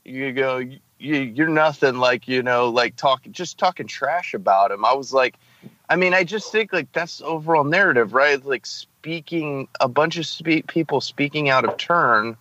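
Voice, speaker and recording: Bright-voiced rambling podcast host man. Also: mid-range voice, moderate pace, dry recording, highs cut off. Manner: animated, rambling, lots of fillers. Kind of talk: casual podcast chat.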